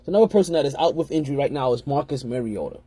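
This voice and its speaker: A man's voice: medium pitch, expressive, racing, warm tone, breathy edge, no echo. A man hosting a fantasy football podcast in a casual, rambling way, often repeating and correcting himself. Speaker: podcast host.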